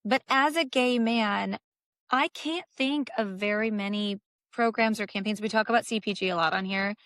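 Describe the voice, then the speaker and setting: A woman hosting a podcast chat, with a squeaky voice and an upbeat, enthusiastic way of talking. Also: normal speed, a bit bright, no room sound. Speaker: podcast host. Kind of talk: casual chat.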